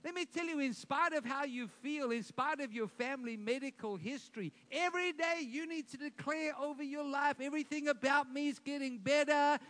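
A middle-aged man preaches with a notably high voice, pressing each point with emphatic, repeated declarations. He lightens the sermon with joking asides and keeps returning to the main line. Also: normal speed, few pauses, pushed and bright. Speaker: pastor.

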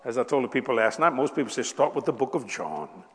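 A man in his seventies preaching a sermon to a congregation, telling humorous stories with lively asides to the people in front of him. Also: medium pitch, quick pace. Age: 70s. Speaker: pastor. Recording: long hall reverb.

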